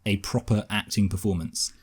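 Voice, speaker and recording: A man's voice: fairly low pitch, steady tone, breathy edge. A young man co-hosting a film review show, rambling casually with plenty of fillers. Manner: rambling, quick and offhand, with many fillers. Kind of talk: casual chat.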